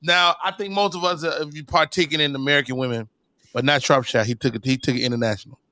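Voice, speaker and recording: Bright, dry-voiced male podcast host. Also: on the high side, fast, no room sound. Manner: animated, probing questions, profane slang. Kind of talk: casual podcast banter.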